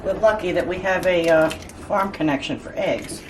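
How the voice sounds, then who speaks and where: A woman's voice: fairly low pitch, moderate pace, heavy background noise. A woman hosting a home cooking demonstration, chatting in a casual, joking way as she cooks. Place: home kitchen. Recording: echoey kitchen, mic at a distance, cooking clatter.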